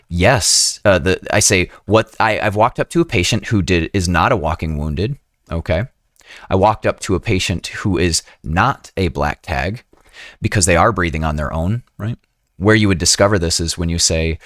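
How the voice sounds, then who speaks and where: A man's voice: deep voice, no room sound, clean studio sound. A man giving a recorded lecture as an EMS instructor, talking in a conversational way with frequent "right?" asides and self-corrections.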